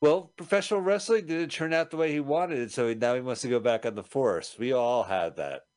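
A man's voice: mid-range voice, brisk, a little mellow, clear, resonant tone. A man co-hosting a show, making sarcastic jokes while watching a movie. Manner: joking, sarcastic asides. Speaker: co-host. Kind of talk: casual movie riffing chat.

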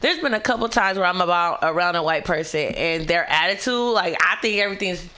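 A woman's voice: on the low side, lively intonation, fairly quick, bright, forceful tone. A young woman co-hosting a radio talk show, chatting candidly and animatedly in slangy, casual speech. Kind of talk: casual chat.

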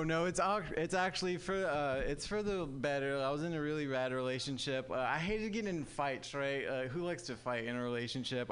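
A young man from Southern California performs a stand-up set for a live audience, addressing them as "guys" in a wry, conversational way. His voice sits in the mid-range with a fairly bright tone.

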